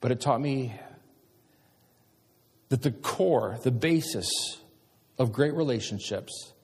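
A middle-aged man, a pastor preaching a sermon and telling stories with animated emphasis. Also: medium pitch, slow, slightly rough. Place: church sanctuary. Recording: long church hall reverb.

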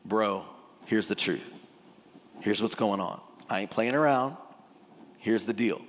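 A preacher doing a blunt young teacher. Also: male voice, fairly high pitch, expressive, moderate pace, a bit bright. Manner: blunt, casual, no-nonsense. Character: blunt young male teacher, cutting through. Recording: long hall reverb.

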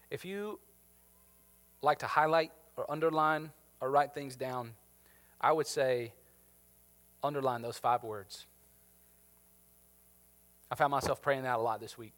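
A man preaching a sermon as a pastor, animated and jokey, acting out the people in the story. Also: mid-range voice, unhurried, pauses often, long reverb tail. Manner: animated, jokey, acts out biblical characters.

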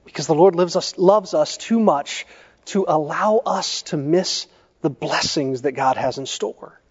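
A man's voice: on the high side, slightly rough. Man preaching in an echoey hall. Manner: measured storytelling preaching, posing questions to the congregation. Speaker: pastor. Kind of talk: sermon. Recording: echoey church hall, dull lo-fi sound.

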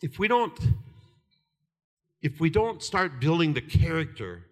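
A man in his seventies preaching a fervent sermon, telling stories with laughter and shouted lines. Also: on the high side, very animated, unhurried. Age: 70s. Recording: reverberant hall.

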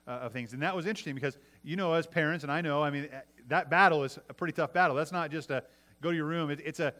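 A man's voice: on the high side, a bit bright. Man preaching a conversational sermon. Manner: conversational preaching with many restarts and tag questions. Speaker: pastor.

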